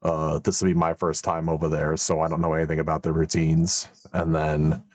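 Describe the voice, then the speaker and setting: A man's voice: a bass voice, monotone, fairly quick, no room sound. A man talking as his character in a tabletop game, laid-back and easygoing. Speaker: player. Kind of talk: tabletop game role-play.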